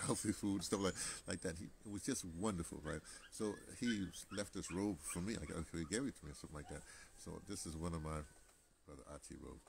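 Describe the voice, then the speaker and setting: Deep-voiced American man rambling casually. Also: a little mellow, a little hiss or hum. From United States. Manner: chatty, digressive, many restarts and asides. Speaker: vlogger.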